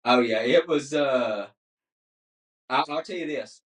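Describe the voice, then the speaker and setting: A man's voice: medium pitch, slow pace. Man telling hunting stories, roomy. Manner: animated, laughs often, says "dude" a lot. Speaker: guest hunter. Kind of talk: casual storytelling on a podcast. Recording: roomy, distant mic.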